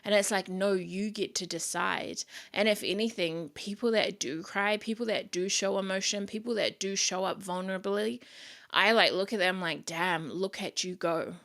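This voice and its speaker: Gravelly, bright-voiced woman podcast host. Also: mid-range voice, normal speed. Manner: candid and heartfelt, swears freely. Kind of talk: casual solo podcast monologue.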